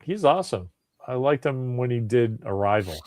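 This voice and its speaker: A male podcast host chatting casually about movies. His voice sits at an ordinary middle pitch and sounds dry and close to the mic. He tells stories with lots of animation, slipping into the voices of the people in them. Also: normal speed, no room sound. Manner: animated storyteller, acts out quoted voices. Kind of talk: casual chat.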